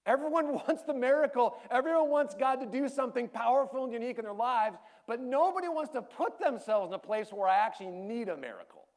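A man pastor preaching a sermon, telling a personal story candidly and emotionally, dropping to a hush and then rising animatedly. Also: extremely high pitch, expressive, fast, few pauses.

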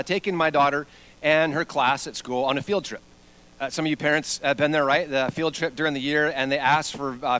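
A middle-aged man preaching a sermon, reading scripture and then telling a lively story, acting out the quoted lines. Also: on the high side. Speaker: pastor.

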